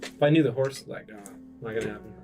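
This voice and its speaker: A young man in casual comedic podcast chat, rambling with restarts and acting out quoted people in high voices. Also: fast, dark tone, recorded from a distance, faint music behind. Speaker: podcast co-host.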